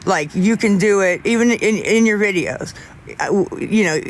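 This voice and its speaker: Brief: man, fairly high voice, halting candid livestream chatter, faint background noise. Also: a bit bright. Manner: rambling and halting, lots of restarts, candid. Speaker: livestreamer talking to viewers. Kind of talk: casual livestream chat.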